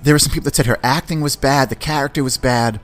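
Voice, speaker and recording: A man hosting a podcast, giving an excited, slangy, rambling review of a series. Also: mid-range voice, fast. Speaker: podcast host. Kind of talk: casual film review.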